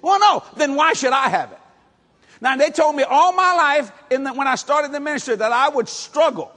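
A middle-aged man from New Orleans, preaching a sermon as animated storytelling with shouted bursts and chuckles. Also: very high voice, normal speed. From New Orleans, USA. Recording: long hall reverb.

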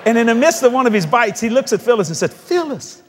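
Lively high-voiced New preacher. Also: male voice, very fast, long reverb tail, noisy background. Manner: animated, laughing storyteller who mimics voices. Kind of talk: storytelling sermon.

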